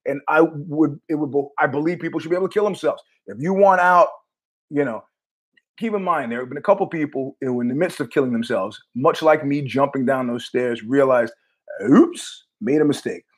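A man's voice: a little high, brisk. A man hosting his own show, telling rambling stories in a wry, profane monologue full of restarts. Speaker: podcast host.

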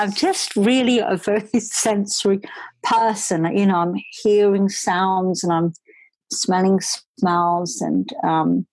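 A woman telling a personal story in an animated way, dropping into breathy asides. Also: fairly low pitch, no echo, rough recording. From England. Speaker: storyteller guest.

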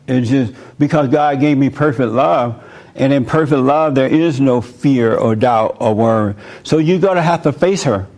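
In a casual, conversational sermon, a man responds to listener questions and weaves in personal stories, chuckling often. His voice is medium-pitched with a darkish tone.

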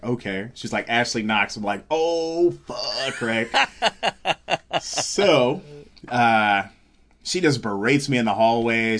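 A man chatting casually on a podcast, telling a long story with acted-out quotes and plenty of swearing. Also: mid-range voice. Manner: animated storyteller, acts out quotes, swears freely. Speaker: comedian guest.

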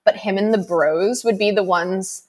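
A woman's voice: mid-range voice, a little slow, a little mellow. A woman chatting casually on a podcast, rambling with frequent fillers and laughs. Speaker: podcast co-host. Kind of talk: casual chat.

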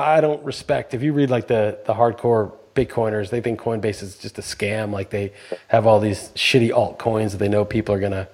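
A man's voice: on the low side, darkish tone, breathy edge. A man co-hosting a casual podcast chat, blunt and profane, working himself into heated rants. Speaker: podcast co-host.

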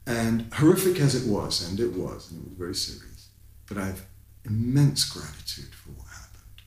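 A man, a guest telling a personal story in conversation, animated and candid, his voice climbing in the tense parts, with fillers and swearing. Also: deep voice, normal speed, gravelly, reverberant, poor audio. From London, England.

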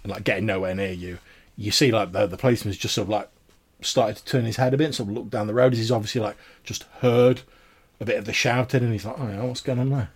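A man's voice: fairly low pitch, steady tone, fast talker, slightly rough. A man narrating as game master of a tabletop role-playing game, rambling with lots of fillers.

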